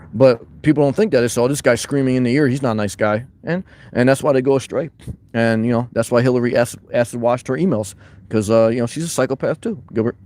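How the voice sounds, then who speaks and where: A man at a middling pitch hosts a casual livestream, greeting viewers by name as he reads their comments. He talks loud and boisterous, then drops into a calmer tone, ranting freely. He is recording from inside his van. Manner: loud, boisterous, shifting between fired-up and calm. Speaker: livestream host reading chat.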